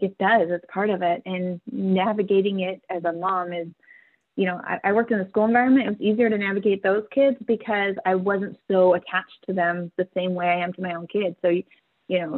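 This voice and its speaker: Husky-voiced mom on a tinny line. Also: female voice, mid-range voice. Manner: earnest and emotional, laughs often while talking. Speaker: podcast guest. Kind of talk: candid interview storytelling.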